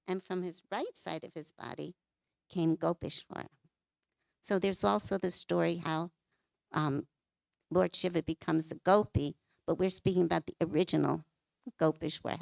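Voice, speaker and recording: A woman telling devotional stories to a temple class, now and then acting out the characters' lines. Her voice is low and very gravelly, full of fry. The recording is close and completely dry. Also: darkish tone, no room sound. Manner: narrates scripture stories, acts out quoted lines.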